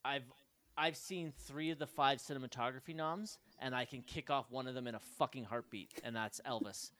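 A man's voice: medium pitch, steady tone, a little fast, bright, forceful tone. A man co-hosting a film podcast, talking with enthusiasm and swearing freely. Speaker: podcast co-host. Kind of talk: casual film review chat.

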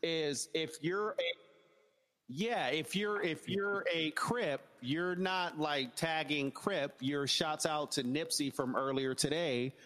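A man's voice: fairly high pitch, slow, fairly bright tone, long reverb tail. A man hosting a live podcast, chatting casually and joking with loose, profane storytelling. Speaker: podcast host.

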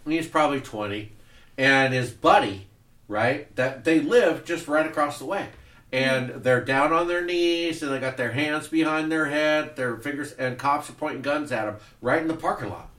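Animated profane man telling a story. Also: fairly high pitch, normal speed, reverberant, recorded from a distance. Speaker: podcast host. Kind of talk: casual storytelling over drinks. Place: podcast studio.

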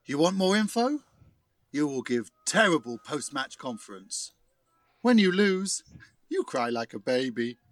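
A man's voice: a little high, sing-song, a little slow, no room sound, soft background music. A man voicing a taunting male psychic football pundit in a put-on foreign accent with broken grammar. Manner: taunting, sing-song chanting, broken grammar.

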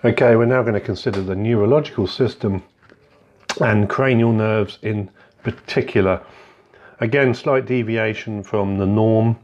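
A man's voice: lowish voice, moderate pace, a little mellow. A man talking through a clinical examination step by step, in a methodical, instructive way with frequent fillers. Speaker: clinical skills teacher. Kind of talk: spoken medical teaching walkthrough. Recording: dull, slightly lo-fi sound.

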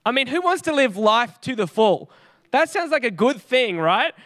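A man's voice: extremely high pitch, big pitch swings, normal speed, pushed and bright. An Australian man preaching a sermon in an earnest, chatty storytelling way, often with a light laugh. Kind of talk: conversational sermon.

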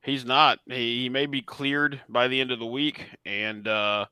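A man's voice: mid-range voice, fairly even intonation, measured pace, sharp tone, smooth, no echo. A man co-hosting a casual sports chat, easygoing and thinking aloud as he explains his picks. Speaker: podcast co-host. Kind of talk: casual fantasy football chat.

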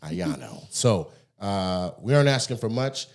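A man hosting a podcast in a studio, giving a laid-back promotional pitch with fillers. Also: very animated, unhurried, a little mellow. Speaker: podcast host. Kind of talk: casual chat. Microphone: studio microphone.

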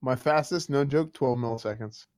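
A man's voice: mid-range voice, moderate pace, a little mellow. A man who streams games, a podcast guest who brags and teases in casual chat. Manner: boastful, teasing.

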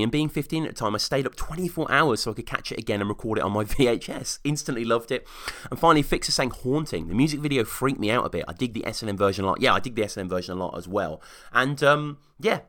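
A man's voice: mid-range voice, pushed and bright. A man hosting a solo podcast, chatting casually and reading out listener comments with enthusiasm. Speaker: podcast host.

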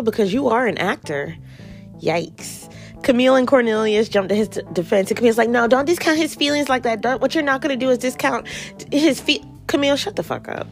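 A young woman hosting a podcast, giving blunt, sassy, profanity-laced commentary on a reality show. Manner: sassy, blunt, swears freely, mimics people in high voices. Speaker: podcast host reviewing reality TV. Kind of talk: casual commentary.

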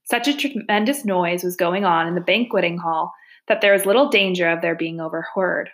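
A woman teacher reading a classic children's story aloud with expressive, measured narration. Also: on the low side.

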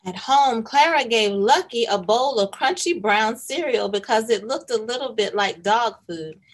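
Female host, children's read-aloud, lively storytelling, slightly high voice. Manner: animated, warm teacherly storytelling.

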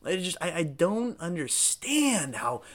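A man hosting a solo podcast, talking in a rambling, profane, excitable way. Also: sits high, a little slow. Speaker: podcast host.

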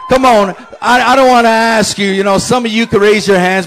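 A man, a pastor, preaching a lively sermon with shouted call-and-response. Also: sits high, brisk, low-quality recording.

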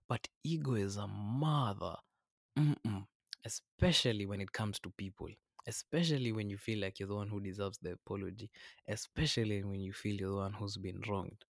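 A man's voice: on the low side, no room sound, clean studio sound. A man hosting a podcast, talking earnestly and a little preachily, often calling the listener man or brother. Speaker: podcast host. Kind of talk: reflective podcast monologue. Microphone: podcast microphone.

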